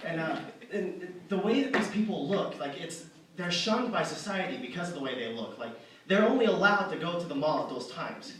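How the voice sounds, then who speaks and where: Young man, stand-up comic, high lively voice, rambling self-deprecating story, echoey hall from far off. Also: brisk, slight background noise. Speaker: stand-up comedian. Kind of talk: stand-up comedy set. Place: arts center stage.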